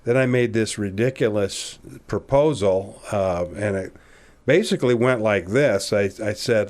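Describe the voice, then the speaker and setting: Low-voiced man around sixty telling a story. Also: a little slow. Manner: animated storyteller who acts out dialogue, laughing at himself. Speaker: podcast guest. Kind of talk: casual storytelling interview.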